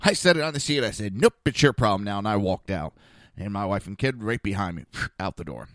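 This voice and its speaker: A man casually telling a personal story, animated and exasperated, acting out the dialogue. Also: lowish voice, a little fast, no room sound, studio quality.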